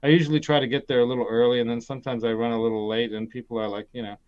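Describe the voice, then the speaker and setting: Male stream host, middle pitch, rambling chatty delivery, lo-fi dull audio. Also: little pitch movement, racing, clean tone. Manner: rambling, laughs often, many restarts. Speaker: host of a gear live stream. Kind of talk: casual live-stream chat.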